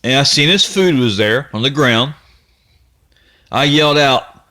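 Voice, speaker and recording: A man's voice: a little high, lively intonation, pushed and bright. A man in his fifties from the Ohio-Kentucky area telling a personal story in a folksy, rambling way, stopping and restarting often. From Ohio-Kentucky area, USA. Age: 50s. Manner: rambling, halting, with many restarts; folksy and nostalgic. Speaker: channel host.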